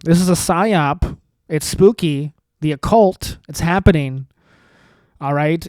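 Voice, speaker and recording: A man hosting a solo comedy podcast, rambling through self-mocking dark jokes and sarcastic asides. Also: on the high side, unhurried, dry recording. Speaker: podcast host.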